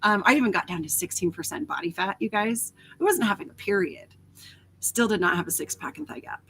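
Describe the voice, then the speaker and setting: A woman hosting a casual live stream, chatting through viewer comments in an animated, candid way, swearing freely and laughing often. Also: medium pitch, a little fast, a little hiss or hum. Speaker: host of a live talk stream.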